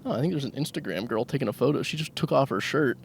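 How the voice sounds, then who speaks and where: A man's voice: medium pitch, animated, quick pace, vocal fry, a little hiss or hum. A man hosting a solo comedy podcast from his car while driving, crude and self-mocking, often laughing. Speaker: podcast host. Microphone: handheld microphone.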